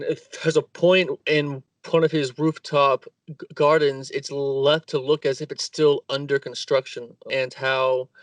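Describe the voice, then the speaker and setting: A man's voice: fairly high pitch, dry recording, recorded from a distance. A man in a casual conversation about architecture, searching for words and stumbling as he goes.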